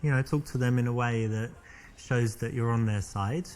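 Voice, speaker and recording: An actor playing a friendly man on a first date in a video game, calm and asking questions. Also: medium pitch, moderate pace, lightly acted.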